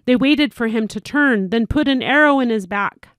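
A woman's voice: steady tone, normal speed, a bit bright, clear, resonant tone, no room sound, clean studio sound. A woman voicing a male yeoman who is out of breath and urgently reporting to his lord, in a storybook reading. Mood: alarmed urgent. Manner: urgent, raised and high-pitched.

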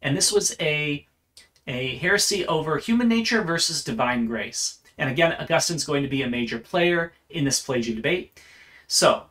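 Bright-voiced man giving a lecture. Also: fairly high pitch, animated, normal speed. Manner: earnest, explanatory, with frequent restarts. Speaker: church history teacher. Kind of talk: unscripted lecture.

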